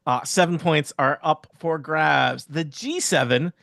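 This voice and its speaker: A man's voice: on the high side, unhurried, creaky, bright, forceful tone, no room sound. A man hosting a podcast quiz game, reading out questions and explaining answers. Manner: explanatory, reads questions and facts. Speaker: quiz host.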